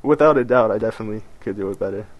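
A man's voice: fairly low pitch, racing, dry recording, muffled recording. An eighteen-year-old young man interviewed as a guest, talking casually and modestly with laughs.

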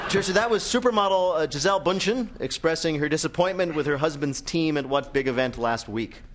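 A man's voice: fairly high pitch, brisk. A man hosting a comic news quiz on stage, delivering jokes in a wry, teasing way. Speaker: quiz show host. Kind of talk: comic panel show hosting. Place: stage before a live audience. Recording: live audience and room noise.

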